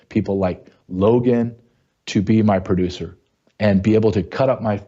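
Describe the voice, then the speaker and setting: A man hosting his own show, delivering a blunt, angry commentary monologue that keeps rising into sharp outbursts. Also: fairly low pitch, highs cut off. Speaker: show host.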